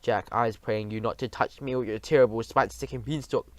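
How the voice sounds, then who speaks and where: A man's voice: medium pitch, steady tone, fast, darkish tone, no room sound, pitched below the performer's own voice, lightly acted. A man voicing a monstrous man-eating storybook giant, screaming, begging, broken grammar, dry recording. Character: huge brutish man-eating giant, terrified.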